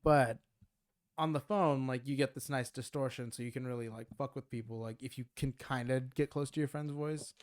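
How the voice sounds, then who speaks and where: A man's voice: mid-range voice, moderate pace. A young man hosting a casual chat, rambling through stories with lots of profanity. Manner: rambling, animated storytelling with profanity. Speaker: podcast host.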